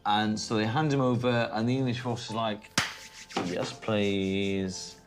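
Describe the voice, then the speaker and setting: A man comedian retelling history in a jokey, animated way, slipping into voices. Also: mid-range voice, fairly quick, over music. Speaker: comedian storyteller.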